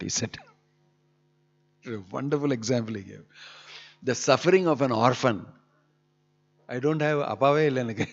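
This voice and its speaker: A man preaches a sermon in a mid-range voice, firing off scolding rhetorical questions with strong emphasis. The recording sounds a little muffled and dull. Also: mid-range voice. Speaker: spiritual teacher. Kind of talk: sermon on scripture.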